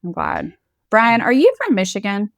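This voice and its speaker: A woman's voice: mid-range voice, huge pitch swings, moderate pace, gravelly, no echo. A woman co-hosting a podcast in casual chat, candid and playful, often laughing. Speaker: podcast co-host.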